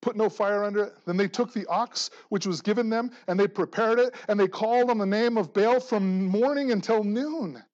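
A man preaching a sermon, animated and expressive, moving between loud emphasis and quiet asides, joking with the congregation. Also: high-pitched, moderate pace, hardly any pauses, dull audio. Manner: jokes and laughs with the congregation. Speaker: pastor.

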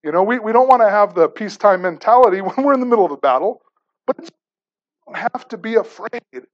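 High-voiced pastor preaching, lo-fi. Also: male voice, animated, brisk. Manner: repeats rhetorical questions, frequent stammered restarts. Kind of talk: sermon.

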